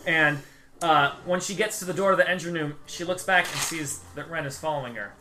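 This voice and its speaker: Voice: medium pitch, fairly quick, bright, forceful tone. A game master narrating a tabletop game scene, descriptive and often laughing. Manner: descriptive, laughs between lines.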